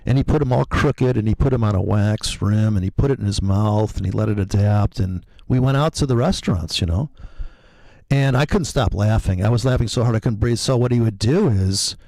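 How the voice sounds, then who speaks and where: A man with a gravelly, fry-laden voice, telling stories and cracking crude jokes in loose chat. The sound is dry and close, with no room around it. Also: fairly low pitch, fairly quick, dark tone, no room sound, rough recording. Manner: crude, joking storyteller who swears freely. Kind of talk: casual chat.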